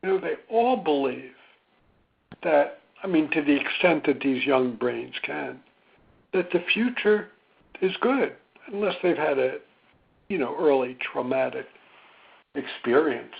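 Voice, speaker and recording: A man speaking as a psychologist in a webinar, gentle and reflective, with many ums and pauses. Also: a little high, expressive, vocal fry. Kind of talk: slow, thoughtful webinar talk. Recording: tinny phone-line sound.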